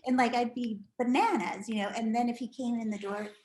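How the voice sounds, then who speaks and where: A middle-aged woman telling stories as a podcast guest, animated and chatty with lots of restarts. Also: on the high side, fairly quick. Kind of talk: casual storytelling interview. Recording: echoey room.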